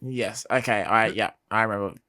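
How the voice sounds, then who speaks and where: A man's voice: lowish voice, normal speed, bright, forceful tone, no echo, studio quality. A man co-hosting a podcast in casual chat, mostly giving short replies and wry asides. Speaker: podcast co-host.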